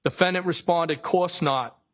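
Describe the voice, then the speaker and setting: A man's voice: on the high side, a little slow, a bit bright. A man testifying as a witness in court, reading text messages aloud, speaking the punctuation and correcting typos as he goes. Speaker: trial witness.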